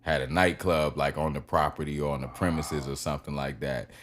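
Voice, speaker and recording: Man, thirties, very low voice, podcast guest, casual storytelling, rambling, swears freely. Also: steady tone, a little fast, fairly bright tone, slight background noise. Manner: rambling anecdotes with fillers and profanity.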